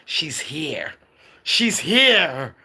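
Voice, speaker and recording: A woman chatting live on her stream and answering viewer comments in a teasing, easygoing way. Her voice is bright and clear, and her pitch jumps around a great deal as she talks. She calls viewers darling and girl and laughs often. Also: very animated, very slow. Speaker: livestream host. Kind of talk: casual livestream chat, reading out viewer comments.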